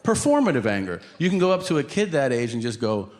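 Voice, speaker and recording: A middle-aged man doing stand-up comedy, telling a story in an animated, profane way and acting out his own shouts, on a club stage mic. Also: mid-range voice, quick pace. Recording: live club recording with audience noise.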